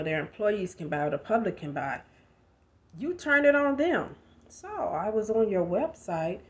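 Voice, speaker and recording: A woman's voice: fairly low pitch, darkish tone. A woman in her thirties giving a conversational motivational talk, emphatic and full of rhetorical questions. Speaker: motivational speaker.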